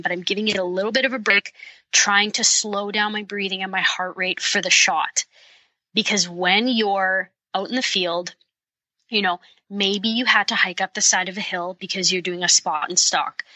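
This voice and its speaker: Woman podcast guest, bright and forceful tone, dry close sound, eager step-by-step explainer. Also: mid-range voice, dry recording, poor audio. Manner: enthusiastic, practical, talks it through step by step. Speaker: guest, bowhunter and fitness coach. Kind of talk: podcast interview, explaining tips.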